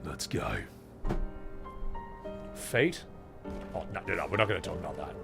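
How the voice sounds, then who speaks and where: A man's voice: deep voice, expressive, quick pace, creaky, over loud music. A man with an Australian accent chatting casually to his viewers while playing a video game, rambling and swearing freely. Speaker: streamer. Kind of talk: casual gaming commentary.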